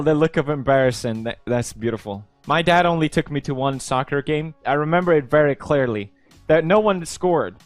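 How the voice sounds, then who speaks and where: A man's voice: a little high, no echo. A young man from Sweden reading posts aloud in casual commentary, sarcastic and playful, laughing often.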